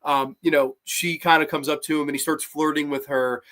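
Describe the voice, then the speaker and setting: Male host, casual film review, enthusiastic, slightly high-pitched. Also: flat delivery, a little fast, a bit bright. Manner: enthusiastic, acts out quoted lines in a higher voice.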